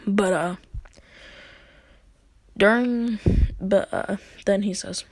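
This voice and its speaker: A woman casually retells a fan story in a rambling way, with fillers and occasional hushed asides. Her speech is slow and drawn out, and her voice has a gravelly, creaky texture. The sound is dry and close. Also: medium pitch, dry recording.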